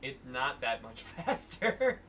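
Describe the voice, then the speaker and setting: A young man in casual gaming chat, excitable, swearing and breaking into laughter. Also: medium pitch, slow. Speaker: co-host playing guide. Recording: distant mic with faint noise.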